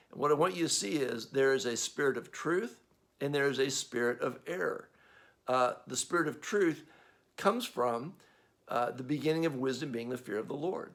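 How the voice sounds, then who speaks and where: A man's voice: medium pitch, fairly bright tone. A man with an Australian accent preaching a sermon as pastor, in a conversational way with frequent fillers.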